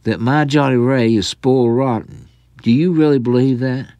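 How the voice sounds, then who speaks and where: A man's voice: mid-range voice, steady tone, normal speed, warm tone, no room sound, voice pushed up, close to an everyday voice. Man putting on a huffy aunt. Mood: upset. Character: indignant middle-aged Southern aunt, doting mother.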